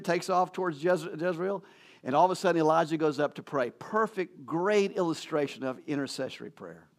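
A man with a fairly high voice preaches a sermon in a conversational storytelling way. He acts out each character's lines and keeps going through fillers and restarts. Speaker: pastor.

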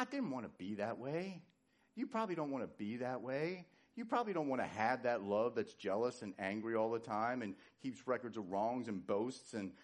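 A man preaching a sermon, animated, swinging from loud emphatic lines to hushed low ones. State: winded. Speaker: pastor.

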